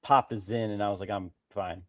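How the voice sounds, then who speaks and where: A man's voice: lowish voice, fairly even intonation, fairly quick, fairly bright tone. A man in casual podcast chat, easygoing and agreeable, swearing casually.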